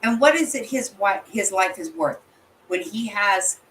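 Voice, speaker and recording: A woman's voice: medium pitch, lively intonation, unhurried, a bit bright, a little hiss or hum, low-quality recording. A woman reacting in casual chat, blunt and outraged, swearing freely. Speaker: channel host reacting to a livestream guest.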